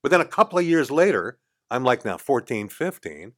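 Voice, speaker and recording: A man's voice: mid-range voice, a little fast. An older man, a guest in a radio studio, telling a story casually and acting out the voices of the people in it. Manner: animated, acts out quoted voices, chuckles mid-story. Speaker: podcast guest.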